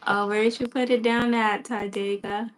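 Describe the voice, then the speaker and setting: A woman host learning isiZulu on a casual live stream, playful and laughing as she sounds out words haltingly. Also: on the high side, level tone, slight background noise, poor audio. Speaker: beginner learner and channel host.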